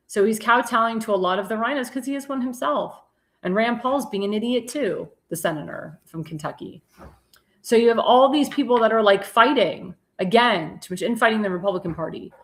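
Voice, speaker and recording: Talk host, woman, tired, emphatic political monologue, many fillers and restarts, fairly high voice. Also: normal speed. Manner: emphatic, repeats words, frequent fillers and restarts.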